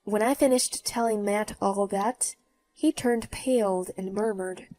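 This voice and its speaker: A woman narrating her own story in the first person, with a mocking, even tone. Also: mid-range voice, measured pace. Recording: faint background music.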